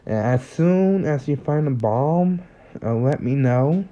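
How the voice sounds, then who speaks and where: Male narrator voicing a nervous teenage boy hero; hesitant, halting, muffled lo-fi sound. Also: medium pitch, animated, warm tone. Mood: earnest. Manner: hesitant, stumbling, self-correcting. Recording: slightly muffled lo-fi recording.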